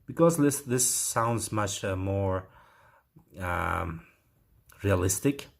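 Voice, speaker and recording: A man's voice: sits low, expressive, slow pace, gravelly. A man with an Uzbek accent, teaching IELTS writing and thinking aloud with many fillers as he corrects an essay.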